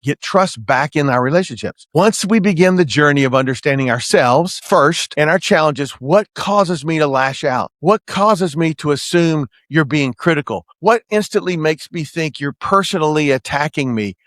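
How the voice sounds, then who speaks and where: A podcast host who works as a management consultant gives an earnest, preacher-like motivational coaching talk, often checking in with "right?". His voice is fairly high, expressive and a bit bright, at normal speed with few pauses. The studio-quality recording has no room sound.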